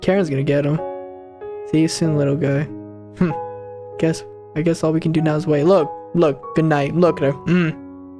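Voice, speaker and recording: A man casually commenting on a game he plays for the first time, reading its lines aloud and bursting into slangy, excitable reactions. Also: on the high side. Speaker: gaming channel host.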